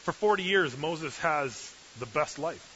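A man's voice: a little high, animated, measured pace, bright, forceful tone. A male preacher giving a sermon with humorous, sarcastic asides, in a dull lo-fi recording with hiss.

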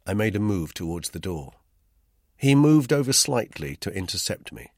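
Male audiobook narrator: deep husky voice, lively tense delivery, dry studio sound. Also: moderate pace, no echo. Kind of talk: first-person novel narration.

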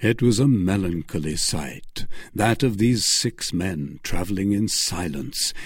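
A male narrator tells a classic adventure story with measured, expressive phrasing. His voice is husky with a lively pitch range. The recording is close and dry, with no room sound. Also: no room sound. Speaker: audiobook narrator. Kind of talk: scripted narration of a classic novel.

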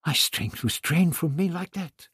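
A man reading an audiobook voices a proud, hot-tempered warrior who talks stubbornly and forcefully. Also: a little high, unhurried, husky, dry recording, studio quality, voice pushed up, heavily acted. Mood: defeated. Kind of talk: audiobook character voice.

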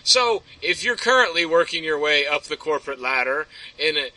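A man's voice: on the high side, expressive, moderate pace, sharp tone, dry recording, poor audio. A man telling a story as a podcast guest, ranting and rambling with plenty of swearing. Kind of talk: casual chat, storytelling.

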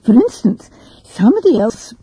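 A woman voicing a kindly elderly spinster aunt who talks softly and fusses over small details, in a storybook reading. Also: fairly high pitch, sing-song, normal speed, breathy edge, no room sound, full character voice. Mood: gentle. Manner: soft, gentle, fussy over small details.

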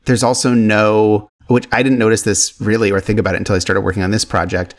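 A man's voice: on the low side, little pitch movement, fast. A man being interviewed as the director of a fan remake, talking casually and rambling with frequent restarts and small laughs.

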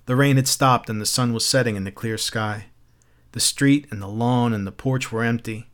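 A man's voice: mid-range voice, fairly even intonation, moderate pace, a bit bright. Man reading a novel aloud. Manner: unpolished, self-correcting. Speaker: reader. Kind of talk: audiobook narration.

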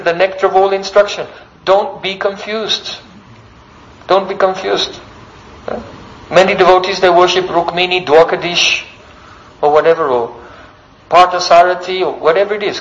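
High-voiced man giving a sermon. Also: steady tone, a little fast, fairly bright tone, dull audio. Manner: storytelling, often asks the listeners "hmm?". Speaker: preacher. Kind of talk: devotional sermon storytelling.

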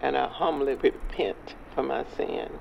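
A gravelly, slow-talking street preacher. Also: male voice, mid-range voice, steady tone, over a noisy crowd. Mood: solemn. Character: stern elderly churchgoer preaching to young men. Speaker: elder leading a prayer. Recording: dull lo-fi with street noise.

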